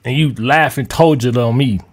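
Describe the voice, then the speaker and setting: A man's voice: medium pitch, moderate pace, vocal fry. A man ranting on a live stream to his chat as a music producer, heated, mocking and profane.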